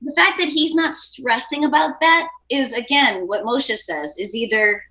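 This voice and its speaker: A woman guest on an advice podcast, blunt and fast-talking, who swears in casual chat. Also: high-pitched, sharp tone.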